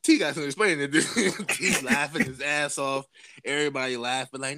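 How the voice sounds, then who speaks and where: A man's voice: mid-range voice, a little fast, bright, forceful tone, slight background noise. A man casually telling a profane story to friends on a podcast, acting out the people he quotes with big jumps in his voice. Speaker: podcast host.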